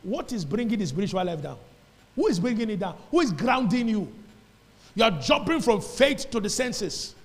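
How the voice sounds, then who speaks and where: A Nigerian pastor delivers a fiery sermon in a high, ringing voice. He hammers his points with repetition and slips into pidgin now and then. The sound carries a long reverb from a church hall. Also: very animated, moderate pace. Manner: emphatic preacher, repeats phrases, dips into pidgin.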